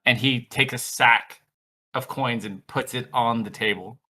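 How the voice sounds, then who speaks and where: A game master narrating a tabletop game in a casual, relaxed way. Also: mid-range voice, unhurried.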